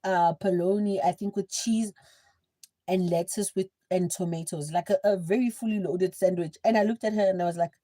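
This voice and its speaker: A young woman with a South African accent, telling a story in a chatty, animated livestream style. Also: on the low side, normal speed. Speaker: livestream host. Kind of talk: casual storytelling.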